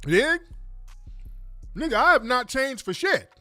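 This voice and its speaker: A man's voice: very high voice, big pitch swings, unhurried, bright, forceful tone, dry recording, faint music behind. A middle-aged man hosting a talk show, delivering an emphatic, profane, combative monologue full of rhetorical questions. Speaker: radio talk host.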